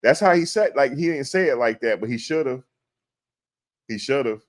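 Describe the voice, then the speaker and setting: Hosting a casual live stream, a man in a mid-range voice talks through a court case for his audience at a moderate pace. He uses loose slang and gets animated, performing quotes in over-the-top voices.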